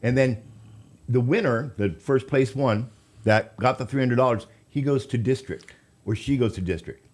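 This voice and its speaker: A man's voice: mid-range voice, moderate pace, darkish tone. A man hosting a casual radio talk show, chatty and given to restarts.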